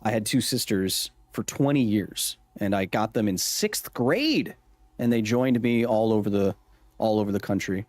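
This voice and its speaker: A man's voice: lowish voice, animated, normal speed, no room sound. Joking man chatting with his livestream viewers. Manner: joking, reads and answers chat messages. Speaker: livestream host. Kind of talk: casual gameplay livestream chat.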